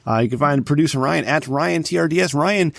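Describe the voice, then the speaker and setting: A man's voice: on the high side, fairly quick, creaky, no room sound. Tipsy, profane male podcast host. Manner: crude, profane and joking. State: tipsy, burping. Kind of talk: casual podcast banter.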